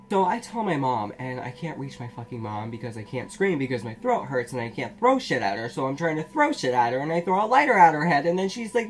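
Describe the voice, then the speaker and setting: Vlogger, casual storytelling, blunt and profane, mid pitch, faint music behind. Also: very animated, fast, hardly any pauses.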